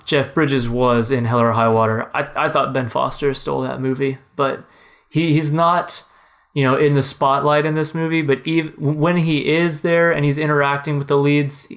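A man's voice: medium pitch, fairly bright tone. A man co-hosting a casual film review podcast, talking enthusiastically with lots of restarts. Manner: enthusiastic, rambling with restarts and fillers.

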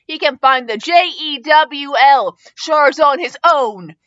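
A woman's voice: sits high, slow pace, fairly bright tone, no room sound, voice pushed up. A woman voicing an angry teenage girl who rants indignantly, on a dull, dry recording. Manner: indignant ranting. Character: furious teenage girl venting.

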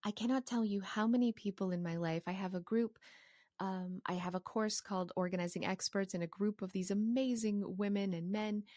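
Passionate, animated woman giving advice. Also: medium pitch, no echo, clean studio sound. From Canada. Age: adult with a young son. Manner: passionate and animated, quick asides. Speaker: organizing course creator. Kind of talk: casual advice monologue.

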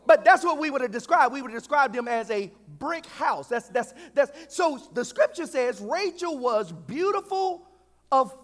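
Male pastor, very high voice, joking sermon, call-and-response, long church echo. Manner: humorous, call-and-response preaching. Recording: echoey hall.

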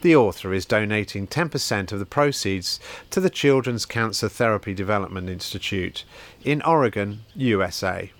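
A man hosting a podcast from his bookshop, reading out shop news and introducing a guest in a measured way. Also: fairly low pitch, expressive. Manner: measured, read-out announcements. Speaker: podcast host, bookshop owner.

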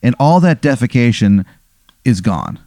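A man's voice: mid-range voice, big pitch swings, unhurried, mellow, no echo. Casual, rambling man telling a comic story. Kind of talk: improvised comedic storytelling.

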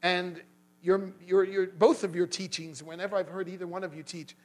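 A man with a high, light voice preaches an earnest sermon built on his own story. He grows animated as he relives a quarrel, and a low mains hum runs underneath. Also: moderate pace, rough recording. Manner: earnest, animated when retelling arguments. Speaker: lay preacher. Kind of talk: sermon with personal testimony.

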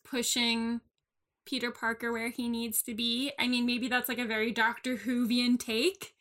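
Young woman, co-host, high voice, bright tone, enthusiastic, casual chat. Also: little pitch movement. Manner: enthusiastic, chatty, quick laughs.

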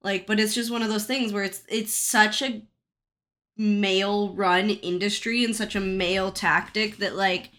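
Bright-voiced chatty woman. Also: medium pitch, steady tone, measured pace. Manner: chatty, many "like" fillers, wry. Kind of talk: casual chat.

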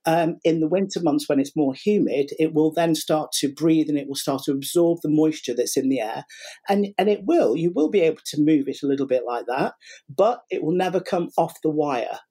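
A middle-aged man who works as a sugar flower artist, telling stories as an interview guest. He talks in a lively way, acting out what people said, and restarts his sentences often. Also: fairly high pitch, moderate pace, breathy edge. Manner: animated, acts out quotes, many restarts. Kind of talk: casual interview storytelling.

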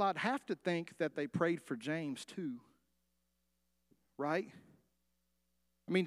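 A man preaching with a high-pitched voice. He is animated, acts out the story with little voices, and keeps asking the congregation questions. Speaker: pastor. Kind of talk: sermon.

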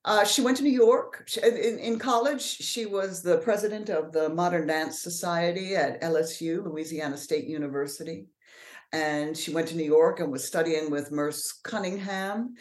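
A middle-aged woman from New Orleans with a Mid-Atlantic accent and proper, measured diction, answering interview questions with pauses and fillers. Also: fairly low pitch, reverberant. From New Orleans, USA. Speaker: actor and author, podcast guest.

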